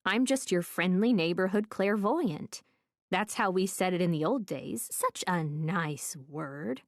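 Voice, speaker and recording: A woman voicing a kindly, matter-of-fact old woman psychic in an audiobook, speaking slowly and soothingly. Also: lowish voice, lively intonation, no room sound, studio quality. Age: older. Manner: slow, soothing, motherly, calls everyone dear.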